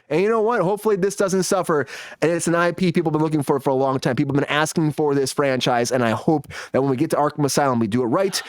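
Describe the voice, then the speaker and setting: A man's voice: a little high, dry recording. A man on a casual panel podcast, musing aloud, asking questions and hedging his opinions.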